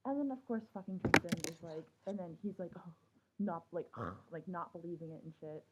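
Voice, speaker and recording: A young woman recaps a TV episode in a heated, sarcastic rant, swearing freely and quick to mock what she dislikes. Her voice sits a little low. The recording is narrow and tinny, like a phone line. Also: very noisy. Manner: animated, swears a lot, sarcastic. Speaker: TV show reviewer. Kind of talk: casual ranting recap.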